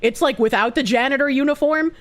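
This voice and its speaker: Speaking briskly in a high voice, this young female streamer offers animated, meandering commentary on a movie. She fills it with verbal fillers and often starts sentences over.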